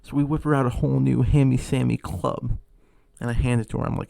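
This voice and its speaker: A man's voice: mid-range voice, steady tone, brisk, creaky, dark tone, no room sound. A young man telling a sarcastic, profane comedy story about customers at his food service job.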